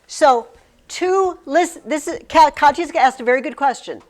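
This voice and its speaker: An animated woman teaching a class, her voice sitting a little high and swinging widely in pitch. She talks emphatically, often restarting words as she presses her point. The sound is from a recording device in a curtained classroom. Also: normal speed. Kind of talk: classroom lesson.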